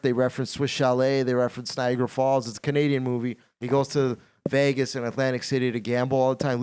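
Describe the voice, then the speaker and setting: A man hosting a casual podcast chat, talking in an animated, repetitive way and swearing freely. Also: mid-range voice, clean tone. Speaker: podcast host.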